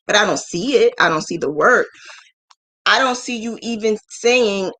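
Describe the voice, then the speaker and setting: A woman hosting a live business mentoring stream, frank and emotional, acting out quoted voices with big jumps in pitch. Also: normal speed, a bit bright. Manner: frank, emotional, scolding yet affectionate. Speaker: business mentor and crochet channel host.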